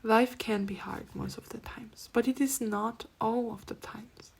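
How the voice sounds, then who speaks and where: A woman with a fairly high voice gives a spiritual card reading straight to the viewer. She talks softly and gently, often sinking to a near-whisper before laughing and speaking up again. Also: steady tone, a little slow, vocal fry, breathy edge. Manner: soft-spoken, drifting between near-whispers and laughing outbursts. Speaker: tarot reader.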